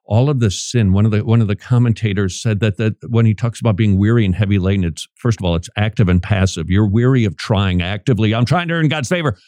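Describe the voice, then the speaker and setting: A man hosting a radio show, teaching from the Bible with emphatic, dramatic preaching that swings suddenly in pitch. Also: fairly even intonation, quick pace, hardly any pauses, mellow, dry recording, studio quality.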